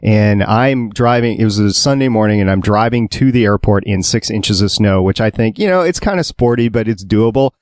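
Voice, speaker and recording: Low-voiced male podcast host from Minnesota. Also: brisk, hardly any pauses, no room sound. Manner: conversational, asks questions. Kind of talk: casual podcast chat.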